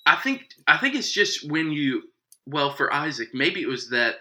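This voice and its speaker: A young man co-hosting a podcast, talking in animated, laughing casual chat. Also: a little high, normal speed, noisy background. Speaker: podcast co-host.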